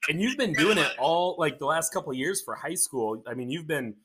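A man's voice: a little high, animated, brisk, very noisy. A man co-hosting a casual podcast chat, asking rambling, friendly questions full of fillers. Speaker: podcast co-host.

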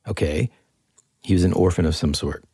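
A young man co-hosting a casual podcast chat, rambling and animated, with lots of fillers. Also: low voice, moderate pace, husky, no echo, clean studio sound. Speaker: podcast co-host.

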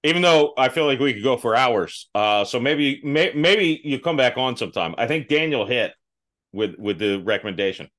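A man hosting a podcast in casual, animated chat, laughing often and swearing freely. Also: moderate pace. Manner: animated, laughs often, swears, mimics people in high put-on voices. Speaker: podcast host.

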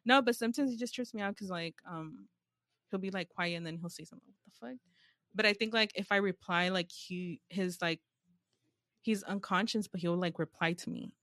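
A woman's voice: medium pitch, fairly quick, fairly bright tone, no echo, studio quality. A woman telling stories in casual chat, loose and full of swearing, now and then slipping into Spanish words. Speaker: podcast co-host. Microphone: phone.

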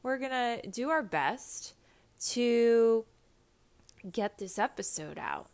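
A woman's voice: a little high, expressive, slow pace, clear, resonant tone. A woman with a stuffy nose after nasal surgery, hosting a podcast on a makeshift backup mic in a candid, profane, rambling chat. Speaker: podcast host. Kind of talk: casual chat.

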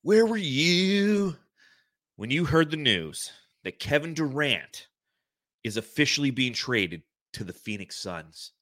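A young man co-hosting a late-night live sports podcast, excited and dramatic, repeating words when he rushes. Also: medium pitch. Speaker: podcast co-host.

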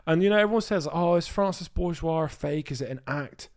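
A young English man, a podcast co-host, telling stories in casual chat, animated and full of swearing. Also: on the high side, fast, hardly any pauses. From England.

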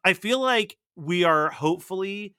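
A man co-hosting a podcast in casual pop culture chat, animated and full of "like" fillers. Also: high voice, a little slow, smooth, no room sound, clean studio sound. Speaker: podcast co-host.

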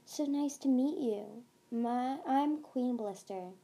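Sly desert dragon queen, voiced by a woman; slow and silky, higher pitch. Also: warm tone.

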